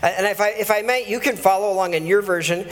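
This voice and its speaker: High-voiced man preaching in an echoing hall. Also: fast. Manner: conversational, self-correcting, chuckling asides. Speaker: pastor. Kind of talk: sermon with scripture reading.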